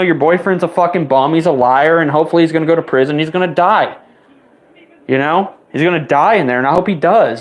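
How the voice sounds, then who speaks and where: A man in his twenties unleashes an angry, profane rant full of rapid-fire swearing. Whenever he gets riled, his voice spikes higher.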